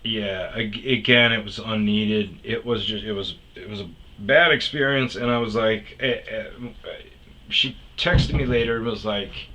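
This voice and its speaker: A man's voice: lowish voice, measured pace, bright, forceful tone, poor audio. A man hosting a podcast, telling a story in a profane, heated rant that keeps restarting its sentences. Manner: swears often, restarts sentences, gets heated. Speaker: podcast host.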